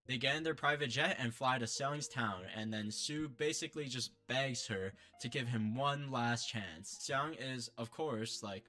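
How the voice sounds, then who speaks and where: A man's voice: mid-range voice, unhurried, few pauses, pushed and bright. A man casually retelling a cheating scandal as commentary, full of sarcastic asides and playful exaggeration. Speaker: commentary streamer.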